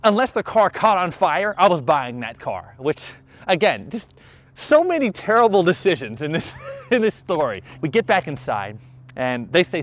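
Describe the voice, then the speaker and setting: A man telling a personal car story in an animated vlog, acting out every side of the exchanges and mocking himself. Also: normal speed. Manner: self-mocking, jumps in pitch when excited.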